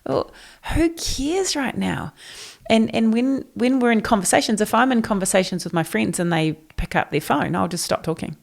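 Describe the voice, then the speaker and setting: Gravelly New Zealand woman, emphatic guest. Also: medium pitch, fairly quick, hardly any pauses. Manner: emphatic, animated, forthright. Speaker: podcast guest, neuroscience trainer. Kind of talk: casual interview chat.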